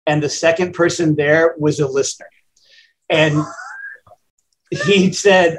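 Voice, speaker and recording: A man's voice: a little high, steady tone, slow, pauses often, low-quality recording. A man in his fifties, a radio host, answering interview questions in a plainspoken, conversational, self-deprecating way. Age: 50s.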